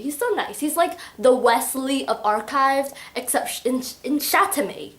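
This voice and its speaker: A woman's voice: sits high, moderate pace, a bit bright, echoey room. A young woman chatting casually about a book she loves, giggling and acting out lines in little voices. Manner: gushing, giggly, acts out quotes in voices. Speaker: book vlogger. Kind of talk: casual book review chat.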